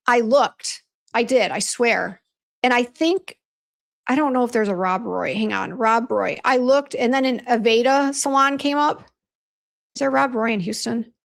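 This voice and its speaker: A woman's voice: fairly high pitch, gravelly. A woman hosting a casual beauty livestream, chatting and venting while reading viewer comments aloud. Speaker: beauty brand host on livestream.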